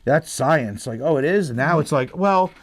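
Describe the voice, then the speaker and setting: A man's voice: fairly high pitch, fairly quick. A man hosting a podcast in casual chat, telling stories and swearing. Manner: animated storyteller, profane. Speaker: podcast host.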